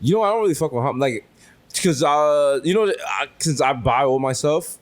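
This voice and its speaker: A man's voice: a little high, lively intonation, normal speed. A man in his thirties with a New York accent, co-hosting a podcast in casual comedic banter, riffing and acting out little voices. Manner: riffing, acts out voices in bits. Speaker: podcast co-host.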